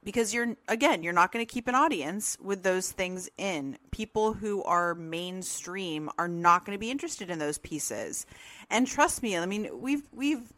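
A woman's voice: medium pitch, lively intonation, normal speed, fairly bright tone, no echo. A woman co-hosting a podcast in casual, rambling talk full of fillers and laughs. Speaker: podcast co-host. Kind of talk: casual discussion. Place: room at home with open windows.

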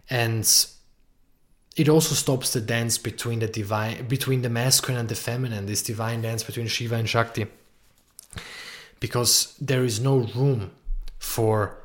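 A man hosting a podcast, giving earnest, emphatic relationship advice and repeating key lines for weight. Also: mid-range voice. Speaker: podcast host, relationship coach. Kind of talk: monologue podcast teaching.

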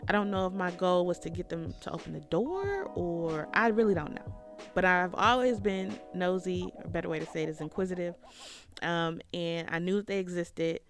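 A woman in her thirties tells a personal story as a podcast host. Her voice sits a little low, and the recording is dry and close. She talks in a reflective way, with fillers and pauses. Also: dry recording. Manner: reflective, tearful at times, with fillers.

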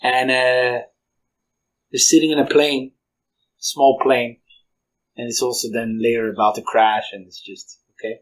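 A man's voice: mid-range voice, level tone, a little slow, pauses often, rough recording. A man in a casual chat, telling a story animatedly and laughing often. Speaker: conversation partner.

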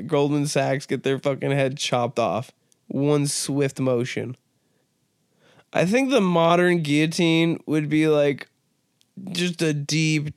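A man's voice: fairly high pitch, clean tone, dry recording, studio quality. A young man hosting a podcast, riffing through a crude, rambling comedic monologue with mock-serious asides. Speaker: podcast host.

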